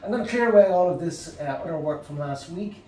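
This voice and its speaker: A man with an Irish accent, teaching an English grammar lesson to camera, halting and full of fillers and restarts. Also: a little high, animated, warm tone, a little hiss or hum. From Ireland. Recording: echoey room, mic at a distance.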